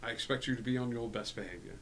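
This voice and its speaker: A man's voice: medium pitch, racing, a bit bright, slight background noise, close to an everyday voice. A man voicing a smug, gracious Satan in a red suit, speaking in a raised, theatrical voice. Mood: businesslike.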